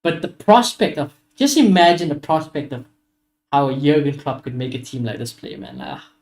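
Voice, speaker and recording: A man's voice: a little high, normal speed, vocal fry. Ranting young man streaming. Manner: animated ranting, heavy swearing. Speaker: streamer hosting a football watchalong. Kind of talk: casual live-stream chat.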